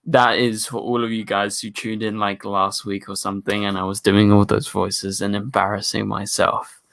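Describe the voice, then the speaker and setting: A man's voice: lowish voice, level tone, normal speed, gravelly, fairly bright tone. A young man hosting a casual live stream, chatting, joking and reading viewer comments aloud.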